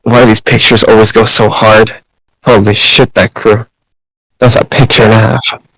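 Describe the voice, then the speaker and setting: Young adult male co-host, blunt and teasing, low flat voice, dry sound. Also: moderate pace, no room sound, rough recording. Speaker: podcast co-host. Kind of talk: casual chat.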